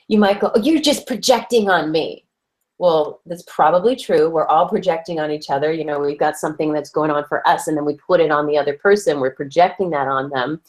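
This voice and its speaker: Woman co-host, lower register, playful advice-giver who acts out quotes. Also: darkish tone. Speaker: podcast co-host. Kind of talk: relationship advice chat.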